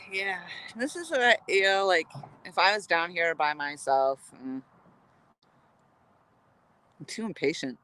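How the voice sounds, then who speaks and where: Woman from New England, bright crisp voice, chatty and playful, casual outdoor vlog. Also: on the low side, takes it slowly, long pauses, a little hiss or hum. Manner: playful, chatty, laughs often. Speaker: vlogger. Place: outdoors at a riverside fishing landing.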